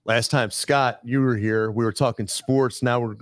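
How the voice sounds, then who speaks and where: A man hosting a casual studio chat, brisk and jokey as he runs through a list of items. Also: mid-range voice, fairly even intonation, no room sound. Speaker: host. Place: studio filled with sports memorabilia.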